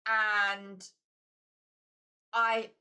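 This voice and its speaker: A woman's voice: mid-range voice, level tone, drawn-out words, sharp tone, clear, resonant tone. A woman chatting casually to her viewers while playing a board game, chatty and self-mocking.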